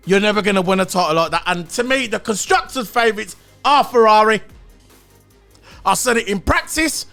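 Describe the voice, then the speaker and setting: A man's voice: high-pitched, pushed and bright. A man giving a blunt, opinionated solo review of a race, swearing and repeating his points. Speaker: motorsport commentator.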